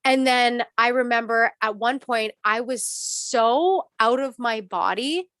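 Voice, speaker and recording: Lively, bright-voiced woman telling a story. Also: a little high, takes it slowly, no echo. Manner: animated, acts out quotes, swears, laughs. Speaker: guest, spiritual coach. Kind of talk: casual storytelling interview.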